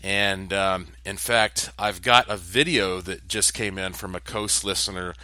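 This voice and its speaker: A man with a fairly low but bright, forceful voice hosts his own daily video update. He rambles casually, full of fillers and restarts. The sound is dry and close, with no room echo. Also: a little slow. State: voice strained from overuse. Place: home condo in a high building.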